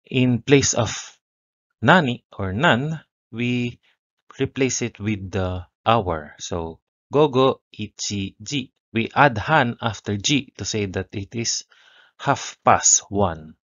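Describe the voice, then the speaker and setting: A man's voice: lowish voice, a bit bright, highs cut off. A man in his thirties teaching a language lesson, saying each phrase twice before explaining it. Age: 30s. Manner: repeats each phrase slowly, then translates.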